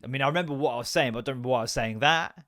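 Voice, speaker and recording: A man in his thirties rants through his solo podcast, sweary and rambling, quick to laugh at himself. His voice sits at an ordinary pitch and is recorded dry and close with no room sound. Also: fairly bright tone, no room sound. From England. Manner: sweary, rambling, self-mocking. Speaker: podcast host. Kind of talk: casual solo podcast rant.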